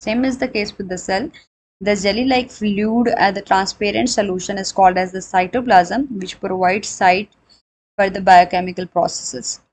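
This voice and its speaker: A woman's voice: mid-range voice, fairly even intonation, moderate pace, poor audio. Woman lecturing on biology. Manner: explanatory, repeats and rephrases points, frequent fillers; switches into Hindi for examples. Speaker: biology teacher. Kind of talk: recorded classroom lecture.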